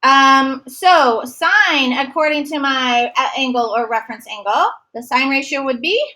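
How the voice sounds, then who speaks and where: A woman teaching a math lesson, asking questions and answering them herself with quick praise, explaining each step slowly and carefully. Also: high voice, pushed and bright, low-quality recording. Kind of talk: recorded classroom math lesson.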